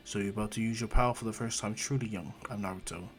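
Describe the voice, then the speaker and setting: A man's voice: on the low side, fast, voice pushed down, close to an everyday voice. A man voicing a wry male nine-tailed fox spirit freed beside its host, in a casual fan story.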